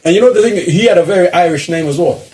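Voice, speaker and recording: A man's voice: high voice, quick pace. A man telling a story in a casual podcast chat, acting out the people in it and laughing often. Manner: animated storyteller, acts out voices, laughs often. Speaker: podcast co-host.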